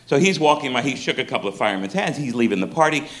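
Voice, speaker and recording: A middle-aged male stand-up comedian telling a story on stage, animated and profane. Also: medium pitch, racing.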